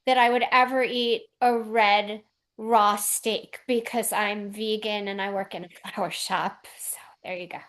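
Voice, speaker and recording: A woman's voice: medium pitch, steady tone, a little slow, fairly bright tone. A woman playing an improv comedy game over a video call, protesting her case. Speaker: improv player.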